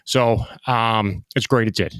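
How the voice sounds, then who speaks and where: A man hosting a casual podcast interview, halting and filler-heavy, who cuts in on his guest. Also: fairly low pitch, steady tone, fairly bright tone, clear, resonant tone, no echo. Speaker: podcast host.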